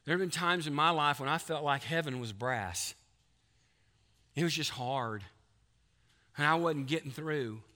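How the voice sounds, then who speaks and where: Folksy pastor, fairly high voice, preaching in a big echoing sanctuary. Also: male voice, a little slow, long pauses, bright, forceful tone. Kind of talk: sermon. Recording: long hall reverb.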